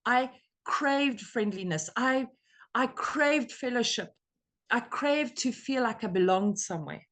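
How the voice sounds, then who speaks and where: An American woman leading a recovery meeting on a video call, talking in an earnest, emotional and animated way. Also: on the high side, a little slow. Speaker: meeting leader.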